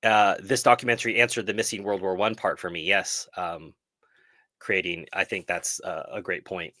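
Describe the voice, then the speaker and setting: A man's voice: low voice, fairly even intonation, normal speed, sharp tone, no room sound. A man hosting a film club live stream, talking earnestly and reflectively and often correcting himself mid-sentence. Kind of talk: casual live stream discussion.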